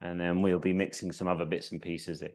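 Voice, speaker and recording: A man's voice: low-pitched, little pitch movement, brisk. A man leading a seated exercise class as the instructor, chatty and encouraging, counting down each round. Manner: chatty, encouraging, counts down out loud, laughs at himself. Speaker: fitness instructor.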